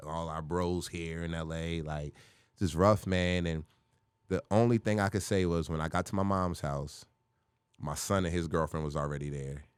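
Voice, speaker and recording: A middle-aged man with a low, deep voice tells a personal story on a podcast. He talks casually and acts out the people in the story. His voice is close and dry, with no room sound. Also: moderate pace, clear, resonant tone, dry recording. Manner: animated, acts out voices in his stories, curses freely. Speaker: comedian guest.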